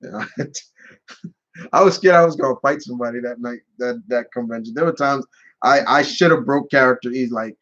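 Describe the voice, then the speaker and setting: A man's voice: mid-range voice, brisk, a bit bright, highs cut off. A man hosting a live question-and-answer stream, telling stories in a rambling casual way with many restarts.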